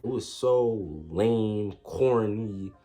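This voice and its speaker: A man's voice: lowish voice, drawn-out words, background noise. A young man casually telling a storytime about his past, slangy and self-mocking, with frequent restarts. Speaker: storyteller vlogger.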